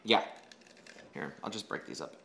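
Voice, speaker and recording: In a home kitchen, a man baking with his child reads recipe steps aloud in a casual, hesitant, joking way. His voice is low-pitched and creaky at normal speed, and the recording is very noisy.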